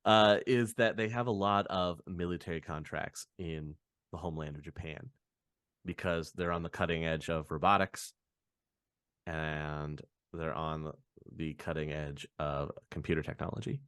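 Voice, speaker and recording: A man co-hosting a casual podcast, explaining game lore in an animated way. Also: rumbling low, unhurried, smooth, dry recording, studio quality.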